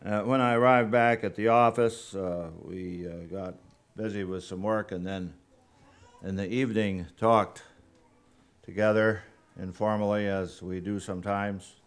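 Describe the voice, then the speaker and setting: A man giving a sermon as a guest preacher, unhurried and halting, with frequent pauses and fillers. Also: lowish voice, steady tone, clean tone.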